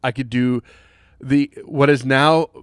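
A man's voice: mid-range voice, steady tone, slow, clean tone, dry recording, studio quality. A man hosting a podcast, chatting casually in a rambling, joking way with plenty of fillers. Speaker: podcast host. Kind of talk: casual chat.

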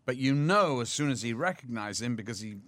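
An older man telling stories from his career in a lively, laughing way, now and then jumping up into other people's voices. His pitch sits mid-range, and the sound is dry and close. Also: fairly quick, dry recording. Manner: lively storyteller, mimics others with big pitch jumps, laughs often. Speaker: actor guest. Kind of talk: anecdotal interview talk.

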